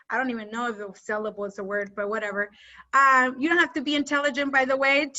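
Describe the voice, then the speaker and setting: A high, bright woman coach fires up her group with energetic, no-nonsense pep talk. Her voice comes through dull, lo-fi video call audio. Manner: energetic, rallying, talks straight to the group. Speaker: side hustle coach.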